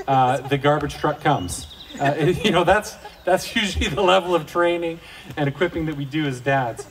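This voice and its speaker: Joking middle-aged man, distant mic. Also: mid-range voice. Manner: folksy, joking storyteller. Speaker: Christian speaker for fathers. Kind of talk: casual devotional talk. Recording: distant mic, faint outdoor noise.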